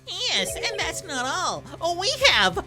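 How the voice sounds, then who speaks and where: A man's voice: very high voice, huge pitch swings, slow, over loud music, pitched above the performer's own voice, heavily acted. A man voicing a smug, scheming male prosecutor in a theatrical, gloating way.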